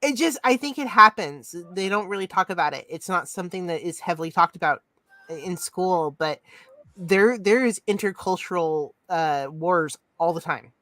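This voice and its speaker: A woman in relaxed podcast talk, explaining things thoughtfully. Her voice is on the low side for a woman. The sound is close and dry. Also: moderate pace, no echo. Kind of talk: casual chat.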